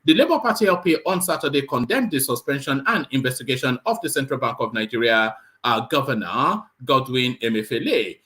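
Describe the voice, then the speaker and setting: A man hosting a live show, reading a news report aloud and breaking off with halting, sarcastic comments full of fillers. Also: mid-range voice, lively intonation, bright, forceful tone. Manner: halting, many fillers and repeated words; sarcastic asides.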